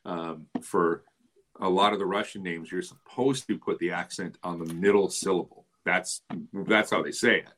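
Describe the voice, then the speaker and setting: A man's voice: low voice, moderate pace, a bit bright. A man who works as a play-by-play announcer, talking as a podcast guest over a video call, telling stories with frequent laughs and restarts. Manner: chatty storyteller, laughs often, restarts phrases. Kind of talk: casual chat.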